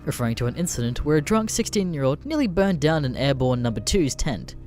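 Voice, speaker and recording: A man's voice: on the high side, very animated, a little fast, darkish tone, faint music behind. A man narrating a story in a casual, profane, wry way.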